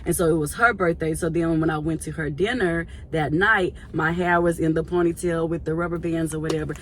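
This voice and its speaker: A woman and church volunteer telling a casual story to her viewers in a chatty, animated way. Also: deep voice, fairly quick, a little hiss or hum.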